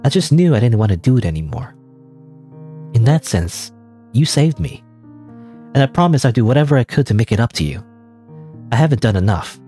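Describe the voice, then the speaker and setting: A man voicing soft-spoken schoolgirl Kyoko. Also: mid-range voice, very animated, fairly quick, pauses often, soft background music, lightly acted. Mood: earnest. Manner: soft, reassuring, turns stern. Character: gentle protective teen schoolgirl Kyoko.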